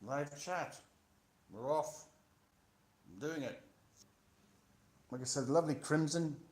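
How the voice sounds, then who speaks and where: A man's voice: a little high, takes it slowly. Rambling, sweary man. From Scotland. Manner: rambling, sweary, self-mocking. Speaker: vlogger. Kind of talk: rambling live stream monologue. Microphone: phone held close to the mouth.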